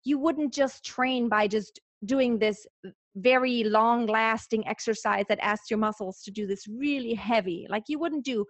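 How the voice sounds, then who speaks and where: High-voiced woman vocal coach. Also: measured pace, no echo. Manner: earnest and instructive, breaks off to sing examples. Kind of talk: singing lesson with sung demonstrations.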